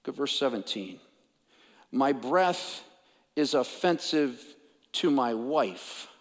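A man's voice: mid-range voice, lively intonation, slow. A man preaching a sermon as a pastor, conversational and then emphatic, sometimes dropping to a whisper. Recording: long hall reverb.

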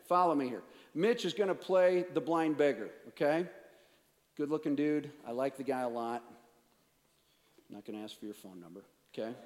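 Dramatic male pastor in a reverberant hall. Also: on the high side. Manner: dramatic, swings from hushed asides to raised emphasis; playful banter with volunteers. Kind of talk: sermon. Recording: long reverb of a large hall.

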